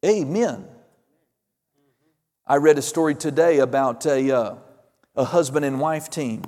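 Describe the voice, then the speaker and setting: A man preaching a fervent sermon, calling out amens and hallelujahs, swinging between loud and hushed. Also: a little high, unhurried, in a large hall. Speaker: pastor.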